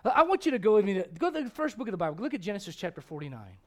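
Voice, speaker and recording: Preaching in a church at a very fast clip, this middle-aged pastor has a voice that sits high. He jokes and stays animated, dropping from loud passages to hushed ones.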